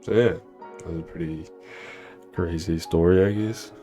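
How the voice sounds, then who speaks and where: A man's voice: sits low, fairly even intonation, moderate pace, mellow, faint music behind. A young man, casually telling a storytime tale in a rambling way, swearing a lot and filling with ums and likes. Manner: rambling, heavy swearing and fillers. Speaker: vlogger.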